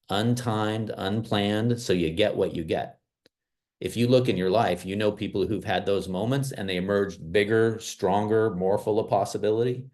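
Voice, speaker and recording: A man from small-town America giving an animated, emphatic motivational talk over a video call, with casual fillers. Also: lowish voice. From small-town United States.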